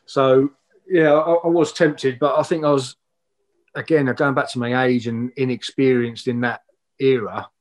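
A man, a former footballer, telling stories in a relaxed interview, with many fillers and often trailing off softly. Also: mid-range voice, measured pace. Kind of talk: casual interview chat.

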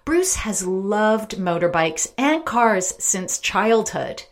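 A woman hosting a podcast, reading her narration in a measured, polished way. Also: mid-range voice, big pitch swings. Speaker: podcast host. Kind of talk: interview and scripted narration.

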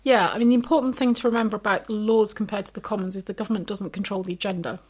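A woman's voice: medium pitch, steady tone, rapid-fire, a little mellow. A woman co-hosting a podcast, explaining procedure in a knowledgeable, chatty way. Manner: knowledgeable, chatty, frequent 'you know'. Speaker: podcast co-host. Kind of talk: explanatory chat.

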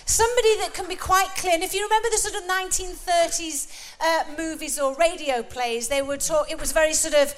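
A woman's voice: very high voice, fairly even intonation, a little fast, slight background noise. A woman hosting a live stage show, chatty, bubbly and bossy as she organises volunteers. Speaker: show host. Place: live venue in front of an audience.

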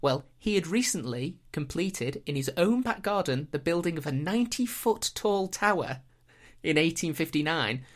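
A woman's voice: low-pitched, lively intonation, normal speed. A British woman hosting a podcast, telling a history story in a dry, wry way. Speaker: podcast host. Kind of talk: casual storytelling chat.

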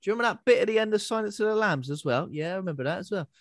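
A slightly higher-voiced man making sarcastic, mocking comments in a casual film review chat. The sound is close and dry, with no room echo. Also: expressive, racing. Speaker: podcast co-host.

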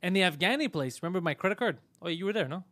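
Animated, profane man on a live stream. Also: high voice, racing, no echo. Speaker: podcast host. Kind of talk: casual live-stream chat.

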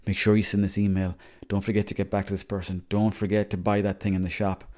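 A man's voice: lowish voice, flat delivery, fast talker, mellow. A young Irish man hosting a podcast, rambling in a chatty, casual monologue and swearing freely. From Ireland. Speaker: podcast host.

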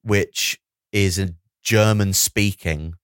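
A man co-hosting a podcast, chatting casually with wry, deadpan asides. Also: sits low, slow pace, clean tone, no echo, studio quality. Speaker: podcast co-host. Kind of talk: casual comic chat.

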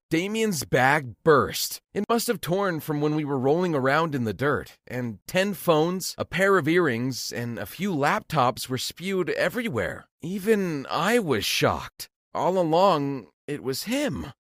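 A man narrates a first-person story with a lively, rising and falling delivery. His voice sits slightly high for a man. The recording is close and dry, with no room sound. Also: no echo.

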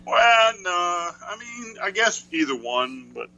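A man's voice: high voice, very animated, slow, creaky, bright, forceful tone, dull audio. A man co-hosting a wrestling radio show, trading dry, teasing banter in casual chat.

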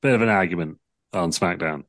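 British man, low voice, chatty wrestling talk. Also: fairly quick, fairly bright tone, dry recording, clean studio sound. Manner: acts out wrestlers' lines in big high voices, laughs often. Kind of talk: casual wrestling chat.

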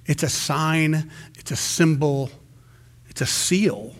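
A male pastor preaching a sermon in a conversational, animated way, often restarting his sentences. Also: fairly high pitch, slow, pauses often.

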